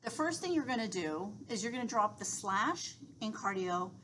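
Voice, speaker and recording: A woman's voice: mid-range voice, expressive, normal speed, fairly bright tone, slight background noise, poor audio. A woman instructor giving a recorded lecture, explaining step by step with reassuring asides and frequent fillers.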